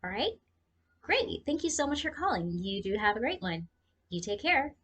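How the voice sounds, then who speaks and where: A woman voicing a bubbly young female customer service rep on a phone call, in a Valley girl accent, high and overly sweet. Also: very animated, moderate pace, fairly bright tone, husky, exaggerated voice. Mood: cheery.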